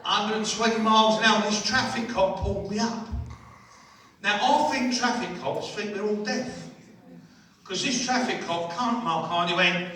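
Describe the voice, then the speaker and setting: A man, doing a stand-up routine in a holiday village hall, chatting with the crowd and delivering punchlines deadpan. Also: sits high, slow pace, long pauses. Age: 60s. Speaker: stand-up comedian. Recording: echoey hall from far off.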